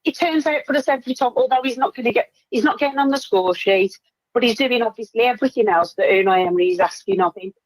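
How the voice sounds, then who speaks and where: A woman's voice: a little high, quick pace, dry recording, rough recording. Friendly woman caller, dry sound. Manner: friendly, storytelling, tag questions. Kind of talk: casual football phone-in chat.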